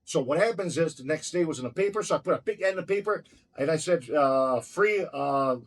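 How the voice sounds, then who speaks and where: A man's voice: a little high, animated, a little fast. A man telling his own stories in a casual chat, blunt, heated and full of swearing. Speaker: storyteller recounting his own run-ins.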